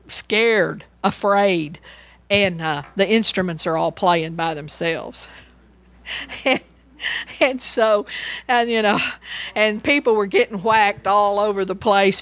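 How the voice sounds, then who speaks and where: A woman's voice: mid-range voice, fairly bright tone. A woman giving a casual Bible teaching, rambling and chatty, and she laughs as she tells stories.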